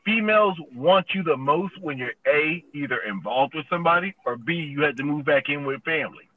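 A man's voice: fairly high pitch, fairly quick, phone-quality sound, slight background noise. A man in his thirties casually telling a long personal story, laid-back and full of "you know" fillers.

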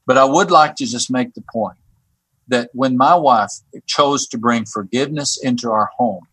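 A man who works on a church staff tells a personal story as a guest. He talks haltingly, repeating words and restarting his sentences. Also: mid-range voice, fairly bright tone, slightly rough, no room sound. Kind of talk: telling a personal story on a podcast.

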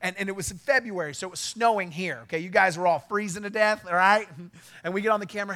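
A middle-aged man preaching a sermon in a bright, forceful voice that sits high for a man. He tells a story, dropping into quiet asides and then rising into loud exclamations. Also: fast. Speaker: pastor.

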